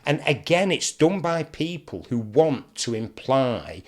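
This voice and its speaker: A man's voice: medium pitch, a little slow. An older man with a broad Mancunian accent, a guest telling stories in a casual interview and acting out what others said. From England. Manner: animated storyteller, mimics others in quotes. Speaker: guest presenter.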